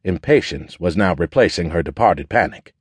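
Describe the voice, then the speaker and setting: A man narrating an audiobook in a measured, even storytelling manner. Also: sits low, husky, dry recording. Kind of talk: scripted narration.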